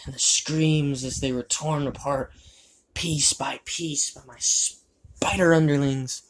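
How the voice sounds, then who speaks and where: A man's voice: medium pitch, steady tone, unhurried, a little hiss or hum, close to an everyday voice. A man voicing a crude, boastful male spider demon in a fan fiction monologue, rambling and gleeful about violence, with a shifting put-on British-style accent.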